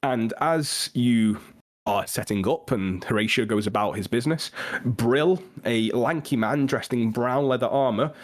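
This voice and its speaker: A man's voice: mid-range voice, measured pace. A man narrating a tabletop game as game master, in a loose, chatty way with frequent fillers.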